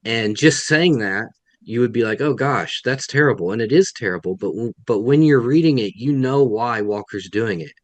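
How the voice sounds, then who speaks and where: A man's voice: mid-range voice, expressive, normal speed, a little mellow, no room sound. A man, a guest author, answering questions on a video call in a thoughtful way, often restarting his sentences. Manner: thoughtful, self-correcting, many restarts. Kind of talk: webinar Q&A answers.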